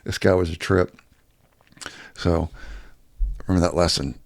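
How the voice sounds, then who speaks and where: Deep gravelly man telling a blunt story. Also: fairly even intonation, a little slow, no echo. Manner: profane, blunt, rambling. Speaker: YouTuber. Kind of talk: casual storytelling vlog.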